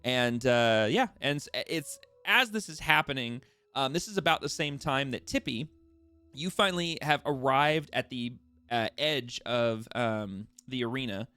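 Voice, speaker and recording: A man narrating as game master, halting and full of fillers. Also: mid-range voice, pushed and bright, clean tone, no echo.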